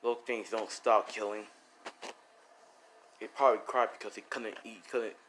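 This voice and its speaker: A man's voice: on the low side, steady tone, moderate pace, a bit bright, a little hiss or hum, natural voice. A man voicing a grim, wary hunter.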